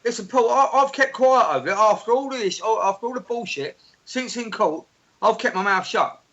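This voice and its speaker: A man's voice: sits high, expressive, a little fast, bright, forceful tone, lo-fi sound. A man talking as a guest in an indignant, heated chat, full of swearing and stammered restarts.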